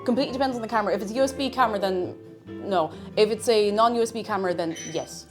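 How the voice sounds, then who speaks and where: A woman's voice: mid-range voice, very fast, music in the background. A young Irish woman chatting casually on her livestream, bubbly and chatty as she greets viewers and reads their messages. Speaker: streamer.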